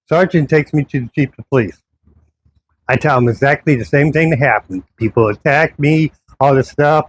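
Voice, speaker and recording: A man vlogging casually to camera, recounting events with indignation and frequent restarts. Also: medium pitch. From foreigner living in the Philippines.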